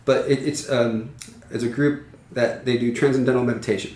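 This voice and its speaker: A man's voice: medium pitch, brisk, recorded from a distance. A man from Iowa telling stories about his home in a casual podcast chat, laughing often. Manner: laughs often, animated storytelling with acted quotes. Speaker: podcast guest, carpenter. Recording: roomy, from off the mic.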